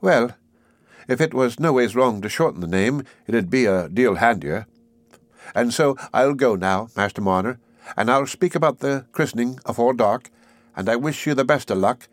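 Man reading a homely village housewife: chatty, earnest, motherly, pitched a touch above his own, very dry close sound. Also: animated, normal speed, no echo, close to an everyday voice. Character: kindly talkative village housewife, middle-aged. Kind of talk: audiobook character voice.

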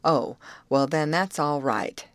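A woman's voice: low-pitched, slow pace, dry recording. A woman reading the part of a blunt, matter-of-fact middle-aged male overseer in an audiobook.

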